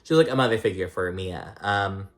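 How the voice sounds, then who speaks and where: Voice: deep voice, a little fast. A reality TV recap vlogger in casual commentary, rambling and swearing often, full of "like" and "um.".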